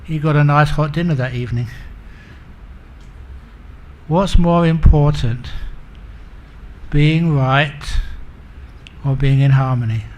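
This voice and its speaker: A man's voice: on the high side, slow, pauses often. A man giving a Buddhist dharma talk, telling humorous stories and chuckling at his own jokes. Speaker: Buddhist monk teacher.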